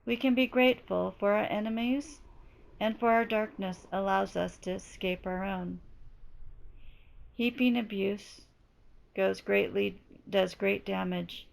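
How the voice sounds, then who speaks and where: Slow, gravelly woman teaching. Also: medium pitch. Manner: slow, deliberate, measured delivery. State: losing her voice. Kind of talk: slow reflective spoken teaching.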